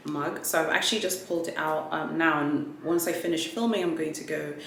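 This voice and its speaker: A woman vlogger chatting casually through an unboxing, animated and full of fillers. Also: low voice, brisk, creaky. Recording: echoey room with faint ambient noise.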